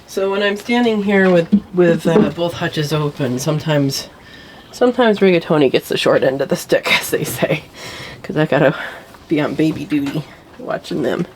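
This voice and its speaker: A woman's voice: deep voice, moderate pace, a little mellow, slight background noise, poor audio. A woman giving a casual walkthrough of her garden and animals, chatting as she goes and talking sweetly to her pets. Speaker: homesteading vlogger. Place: outdoor yard and garden.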